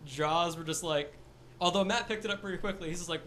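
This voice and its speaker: A man's voice: on the high side, fast, fairly bright tone, a little hiss or hum. A young man rambling in casual chat about a game he plays, laughing often. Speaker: tabletop game player.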